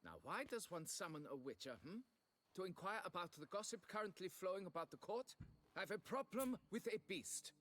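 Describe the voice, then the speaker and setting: A man's voice: high voice, animated, moderate pace, fairly bright tone. A snooty, fussy nobleman. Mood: haughty. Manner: haughty, fussy and condescending. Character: pompous aristocratic male vineyard owner. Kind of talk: video game voice acting.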